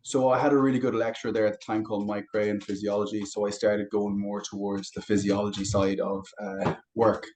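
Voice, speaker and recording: A young adult man, a fitness coach guest on a podcast, talking casually and telling stories in a relaxed way. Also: lowish voice, a little fast, hardly any pauses, slight background noise, low-quality recording. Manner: relaxed storytelling with anecdotes. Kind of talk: casual interview chat.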